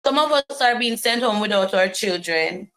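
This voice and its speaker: Woman, mid-pitched and gravelly; earnest testimony, emphatic, repeats lines for weight. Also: expressive, moderate pace, fairly bright tone, poor audio. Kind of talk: personal testimony to camera.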